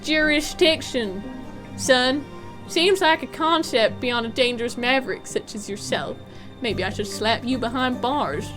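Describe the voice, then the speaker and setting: Pompous male ghost cop chief, condescending and slow-spoken, voiced by a woman streamer. Video game voice. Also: a little high, over music, natural voice. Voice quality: blustering, condescending, calls people son.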